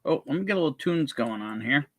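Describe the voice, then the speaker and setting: A man hosting a casual whiskey livestream, greeting viewers with jokey, upbeat shout-outs. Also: on the high side, expressive, fast talker, no echo, clean studio sound. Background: faint background music.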